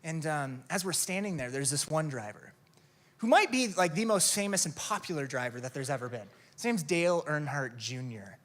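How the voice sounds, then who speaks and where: A man's voice: on the high side, moderate pace. A man preaching a sermon, telling stories and asking rhetorical questions. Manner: animated storytelling with rhetorical questions. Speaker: pastor.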